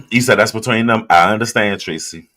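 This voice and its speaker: A man's voice: lowish voice, moderate pace, noisy background. A man hosting a casual livestream, reading viewer comments and talking loosely and directly to his audience while drinking. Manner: loose, chatty, talks straight to viewers. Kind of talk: casual live chat.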